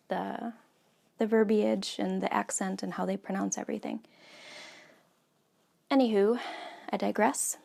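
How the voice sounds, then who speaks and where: Her medium-pitched voice is gravelly as she chats casually on her knitting podcast from home. The host, a woman in her thirties from the United States, says um a lot and drops in soft asides.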